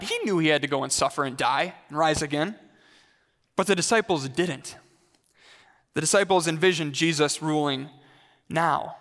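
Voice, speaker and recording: A male pastor preaches a sermon conversationally, putting questions directly to the congregation. His voice sits on the high side with a slightly bright tone, and the recording has a big-room sound.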